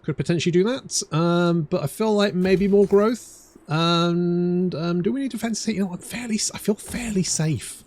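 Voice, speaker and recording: A man's voice: high-pitched, moderate pace, few pauses, a little mellow. A man giving rambling, chatty let's play commentary, thinking aloud and muttering to himself as he plays. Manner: rambling, chatty, wanders off on tangents. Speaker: gaming YouTuber.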